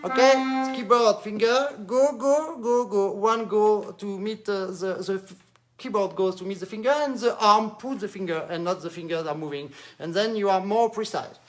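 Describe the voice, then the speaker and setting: High-voiced French man teaching accordion. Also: moderate pace, faint music behind. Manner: animated, demonstrative, mixes in French words. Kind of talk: live-stream music lesson.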